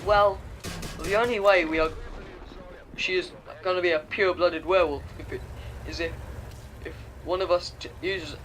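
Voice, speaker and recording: A man's voice: sits high, steady tone, a bit bright, a little hiss or hum, rough recording. A man voicing a flustered young male werewolf who stammers and restarts as he explains. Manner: stammering, halting.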